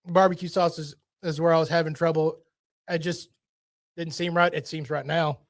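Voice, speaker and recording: A man's voice: on the high side, flat delivery, moderate pace. A man co-hosting a casual sports talk show, giving his blunt verdict on a sandwich in a drawl. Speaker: podcast co-host.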